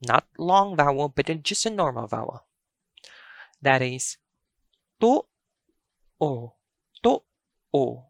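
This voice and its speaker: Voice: mid-range voice, lively intonation, measured pace, creaky, pauses often, a bit bright, dry recording. A language teacher giving a pronunciation lesson, explaining carefully and drawing out the sample words.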